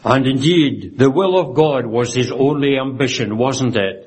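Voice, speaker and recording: A man's voice: medium pitch, measured pace, breathy edge. A man preaching a sermon, earnest and reverent, quoting scripture and often closing a point with a tag question, with frequent restarts. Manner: stumbles and restarts phrases.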